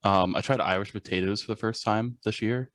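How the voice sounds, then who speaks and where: A man's voice: on the low side, steady tone, brisk, a bit bright, no room sound. A young man co-hosting a podcast in laid-back casual chat. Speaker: podcast co-host.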